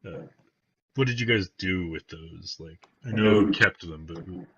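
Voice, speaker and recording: A man's voice: deep voice, moderate pace, a bit bright, slight background noise. A man narrating as game master of a tabletop game, rambling with many fillers. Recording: dull, muffled dry recording.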